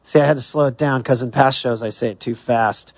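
A man's voice: mid-range voice, steady tone, a little fast, dry recording, highs cut off. A man hosting a radio talk show in a studio, chatting casually and playfully with slang.

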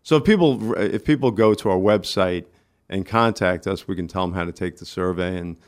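A man with a New York accent, a guest on a casual radio interview, talking in halting bursts with many restarts. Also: sits low. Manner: halting, restarts often, friendly. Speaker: community organizer guest.

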